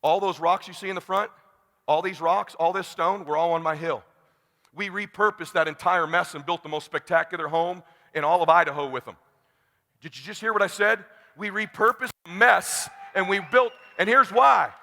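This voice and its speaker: A man from Southern California speaks on stage at a conference, and he brings his stories to life. His high, bright voice has a gravelly edge and carries a long echo through a big hall. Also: moderate pace. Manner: animated, acts out characters in his stories. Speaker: motivational speaker. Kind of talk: stage keynote storytelling. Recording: echoey hall.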